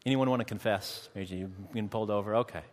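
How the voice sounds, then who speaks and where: A man preaching a sermon to a congregation, dramatic, slowing down and changing his loudness for emphasis and acting out short exchanges with his listeners. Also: fairly low pitch. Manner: acts out quick dialogue with the congregation. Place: church hall. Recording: long hall reverb.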